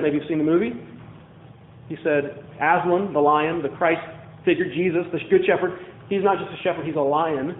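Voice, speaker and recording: Man, preacher, from Louisiana, chatty storytelling sermon, higher voice, echoey hall, tinny narrow sound. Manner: conversational storytelling preacher, asks the congregation questions. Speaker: pastor.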